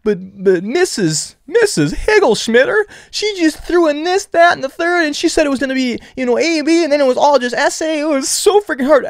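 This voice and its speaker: Guy acting out a whiny teen kid begging his way out of trouble, pitched way up. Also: lively intonation, no room sound. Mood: pleading. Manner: pleading, high-pitched and rushed. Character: whiny teenage boy making excuses.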